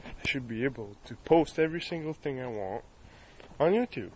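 Filming the sky outdoors near his home on a cell phone camera, an Acadian French Canadian vlogger delivers an angry, profane rant. His medium-pitched voice has lively intonation at a normal speed as he swears constantly, repeats himself and sounds furious. The recording is rough, with a little hiss or hum.

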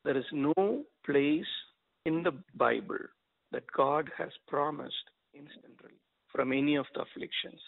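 A man preaches an earnest sermon over a telephone line, teaching from scripture and pausing for rhetorical questions. His voice is slightly high and gravelly, and the audio sounds tinny and dry, like a phone call. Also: dry recording.

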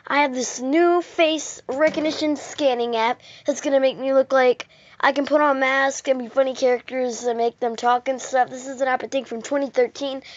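A woman hosting a casual vlog, talking excitedly and restarting her sentences as she rambles. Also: sits high, no room sound, lo-fi sound. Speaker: video host.

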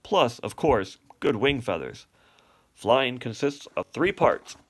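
A man's voice: mid-range voice, sing-song, takes it slowly, slightly rough, heavily acted. A man doing a pompous father swan. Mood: lecturing. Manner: grand, lecturing, flowery speeches. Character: adult male swan father, pompous and long-winded. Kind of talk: storybook read-aloud.

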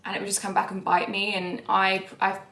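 A young woman vlogging about her life in a candid, emotional way. Her voice swings between soft, sighing lines and sudden raised outbursts. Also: mid-range voice, monotone, a little fast, roomy sound. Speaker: YouTuber. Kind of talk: confessional vlog talk.

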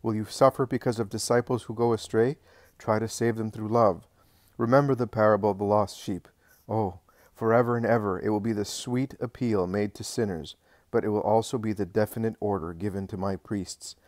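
A man reading the lines of Jesus as a calm, patient male teacher in a religious audiobook. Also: lowish voice, dry recording, clean studio sound, lightly acted. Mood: gently instructive. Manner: measured, patient, reassuring.

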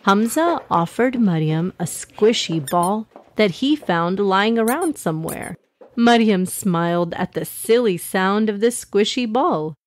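Woman storyteller, children's story, gentle, expressive, slow, dry. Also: medium pitch, no echo.

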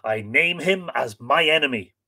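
A man's voice: on the high side, lively intonation, moderate pace, bright, forceful tone, heavily acted. A man voicing a proud, fierce warrior chief, firm and declamatory. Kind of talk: dramatic storytelling reading.

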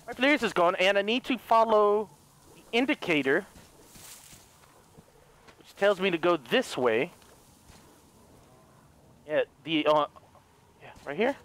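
Excitable high-voiced gaming commentator man. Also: a little slow, pauses often, slight background noise. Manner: excitable, yelps and swears, talks to viewers. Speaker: gaming youtuber. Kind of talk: let's play commentary.

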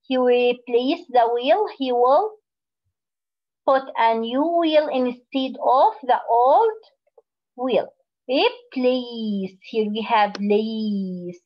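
A woman teaching a phonics lesson to young children, explaining slowly and repeating words. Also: a little high, dull audio. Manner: slow, drawn-out teacherly explaining with repetition.

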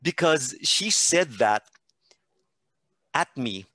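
A man's voice: a little high, very slow, no room sound. A man, a teacher and expert on a podcast, telling stories in casual conversation and acting out what people said. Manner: animated storytelling with acted-out quotes.

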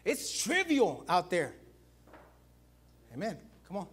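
A pastor preaching a sermon in an animated way, calling out to the congregation and swinging between loud calls and low, quiet emphasis. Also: male voice, slow, slightly rough. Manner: animated preaching, repeats "watch this" and "guys".

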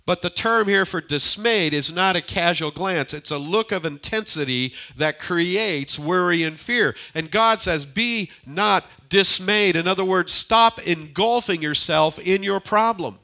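Bright-voiced older male pastor preaching. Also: high-pitched, unhurried, few pauses. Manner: swings from loud emphatic lines to hushed near-whispers; repeats key phrases for emphasis. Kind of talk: sermon. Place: church sanctuary.

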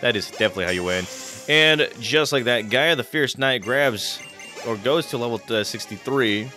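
Bright-voiced excitable man commentating a game. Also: mid-range voice, moderate pace, soft background music. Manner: excitable, chatty, stumbling restarts. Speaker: let's play commentator.

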